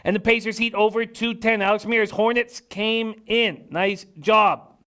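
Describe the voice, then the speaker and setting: A man hosting a live sports betting stream, reading out chat names and picks in an animated, mock-angry way. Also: sits high, moderate pace, smooth. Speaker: sports betting show host.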